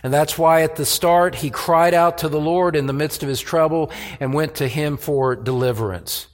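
A pastor preaching a sermon in an earnest, measured way, his voice rising when he voices the psalmist. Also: on the high side, steady tone, long reverb tail. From United States.

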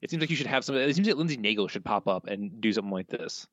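A man's voice: fairly low pitch, expressive, very fast, a bit bright, dry recording. A man co-hosting a podcast, picking an episode apart in a dry, sardonic way. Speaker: podcast co-host. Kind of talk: casual podcast discussion. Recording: dull, lo-fi dry sound.

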